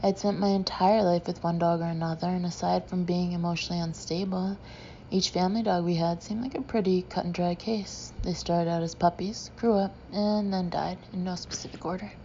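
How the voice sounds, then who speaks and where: A woman narrating a humorous memoir audiobook with a dry, deadpan delivery. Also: fairly low pitch, a little fast, highs cut off, a little hiss or hum.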